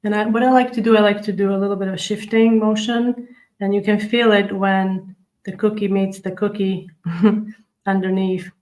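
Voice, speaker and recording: A woman's voice: mid-range voice, flat delivery, moderate pace, darkish tone, poor audio. A woman hosting a live cookie-decorating stream, chatting with viewers and explaining each step as she works. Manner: chatty, demonstrates step by step while reading viewer comments. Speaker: cookie decorating livestream host. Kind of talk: live tutorial chat.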